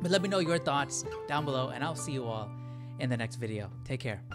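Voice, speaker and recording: A man's voice: medium pitch, expressive, brisk, over music. A man hosting a casual reaction video, chatty and curious, thinking aloud as he reads through texts. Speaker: host.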